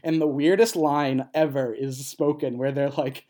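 A man's voice: mid-range voice, steady tone, measured pace, warm tone. A man in casual podcast chat, retelling a film plot with many fillers and laughs. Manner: rambling, many fillers, laughs while talking.

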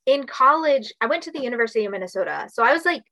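A young woman voice actress chatting in an interview, bubbly and quick, with a lot of "like". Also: a little high, animated, bright, forceful tone, poor audio. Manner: bubbly, fast, heavy use of "like". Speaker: voice actress guest. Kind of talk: casual interview chat.

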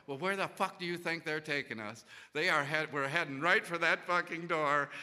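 A man's voice: a little high, moderate pace, sharp tone, big-room sound. A man casually telling a rambling, profane anecdote full of restarts. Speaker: storyteller.

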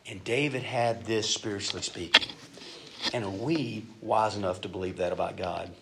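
A man's voice: fairly low pitch, normal speed, gravelly, a little hiss or hum. Man preaching a sermon. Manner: storytelling, rises to loud emphatic bursts and drops to soft asides. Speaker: pastor.

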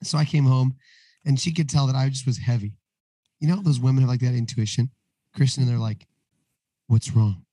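Hoarse man with a low, mellow voice. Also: a little fast, no echo, low-quality recording. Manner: candid, storytelling, acts out dialogue. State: hoarse, voice recovering after losing it. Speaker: guest, recovery ministry co-founder. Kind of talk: casual podcast interview.

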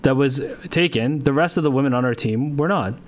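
A man's voice: medium pitch, brisk. A man co-hosting a casual sports podcast, stretching out emphatic opinions in banter. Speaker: podcast co-host.

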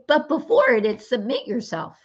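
A woman's voice: fairly high pitch, wildly swooping pitch, normal speed, husky, muffled recording. A woman hosting an interview, encouraging her guest with frequent affirmations. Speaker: host. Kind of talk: casual interview talk.

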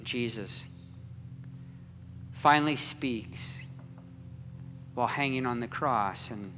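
A man preaching a dramatic sermon as a story, slow and swinging between loud cries and hushed near-whispers. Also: medium pitch, a little hiss or hum. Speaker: pastor. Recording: echoey hall with long reverb.

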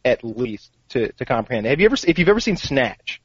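A man's voice: medium pitch, sing-song, fast talker, husky, no echo. Casting: man in casual podcast talk, rambling and profane, dry dull recording. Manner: rambling, profane storytelling with quoted asides. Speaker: podcast co-host. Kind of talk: casual chat.

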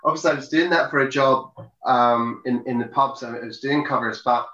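Scottish male musician guest: bright voice, halting and thoughtful, roomy muffled recording. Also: medium pitch, fairly even intonation. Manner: hesitant, reflective, many fillers. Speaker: singer, guest. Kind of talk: casual conversation.

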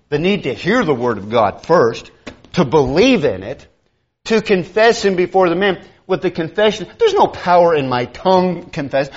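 A man's voice: on the high side, dull audio. A male preacher giving a sermon, telling stories and acting out the people he quotes. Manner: storytelling, acting out quoted voices.

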